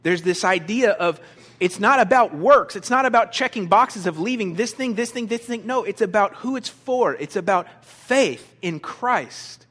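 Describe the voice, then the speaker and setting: Animated preacher, slightly high male voice. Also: moderate pace. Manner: animated, emphatic, with soft prayerful drops. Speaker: pastor. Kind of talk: sermon.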